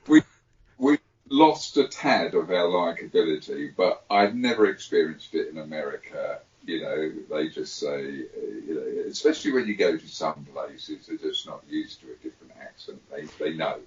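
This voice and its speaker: A man's voice: extremely low pitch, sing-song, normal speed, darkish tone. A man from England with a London accent, chatting as a podcast guest, telling stories with a laugh and playful asides. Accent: London English. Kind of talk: casual conversation. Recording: distant roomy dull remote audio.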